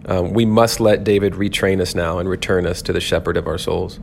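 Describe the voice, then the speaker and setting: A man's voice: low-pitched, steady tone, a little fast, vocal fry, slight background noise. A man hosting his first devotional podcast, teaching on a psalm in an earnest, thoughtful way and often restarting his sentences. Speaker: podcast host, pastor.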